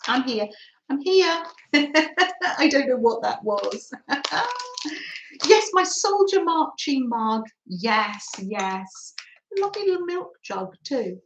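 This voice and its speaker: Woman, craft stream host, giggly and chatty, lively sing-song delivery, phone mic in an echoey room. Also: high-pitched, takes it slowly, slight background noise. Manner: chatty, giggly, reads out viewer comments. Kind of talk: casual live chat with viewers.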